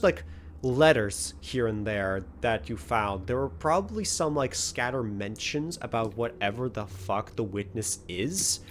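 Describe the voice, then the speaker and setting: A young man narrates a tabletop game as game master, in a middle-pitched voice. He rambles along, stumbling over frequent fillers and restarting his sentences. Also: a little hiss or hum.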